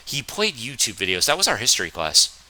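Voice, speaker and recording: A young man from New Jersey telling a storytime vlog, with a halting, stammering, self-deprecating manner. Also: medium pitch, huge pitch swings, bright, forceful tone, poor audio. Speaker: vlogger.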